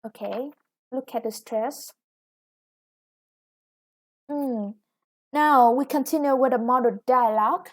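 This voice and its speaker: A high-voiced woman with a Vietnamese accent walks through English grammar in a recorded lesson. She's slow and patient, filling pauses with "yeah" and "okay."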